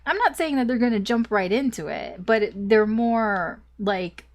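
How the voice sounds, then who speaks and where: A woman's voice: fairly high pitch, expressive, unhurried. A young woman doing a casual tarot reading, chatty and rambling with lots of "like" and small laughs, a little choked up with a cough. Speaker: tarot reader.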